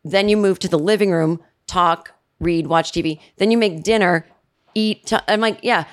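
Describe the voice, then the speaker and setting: A woman in her forties hosting a podcast, telling a rambling comedic story in a chatty way and mimicking her family with shrill yells. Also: moderate pace. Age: 40s. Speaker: podcast host. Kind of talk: casual comedic monologue.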